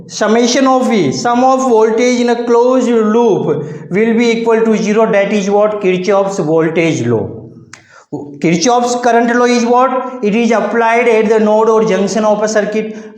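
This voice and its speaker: A man's voice: very high voice, a little mellow, echoey room, rough recording. A man teaching physics, constantly posing rhetorical "what?" questions and answering them himself. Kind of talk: classroom lecture.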